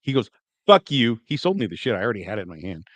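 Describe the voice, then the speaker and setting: A man in his forties, a podcast co-host, telling stories casually and acting out quoted lines loudly. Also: on the low side, expressive, very fast, no room sound. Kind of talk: casual storytelling chat.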